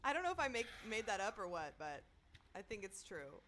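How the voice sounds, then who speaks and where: A woman's voice: medium pitch, very animated, a little fast, noisy background. A young woman streaming a horror game, chatting with viewers and breaking into screams and nervous laughter. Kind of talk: casual gameplay commentary.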